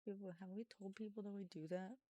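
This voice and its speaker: A woman's voice: medium pitch, little pitch movement, fast talker, dark tone, dry recording. A woman live-streaming a game from home, chatting casually, self-mocking and swearing freely.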